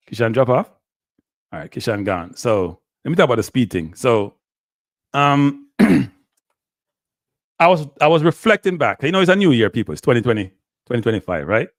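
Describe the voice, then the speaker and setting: A man's voice: medium pitch, dry recording. Dry-voiced man hosting football talk. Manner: animated, rhetorical questions, Jamaican-tinged phrasing. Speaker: show host.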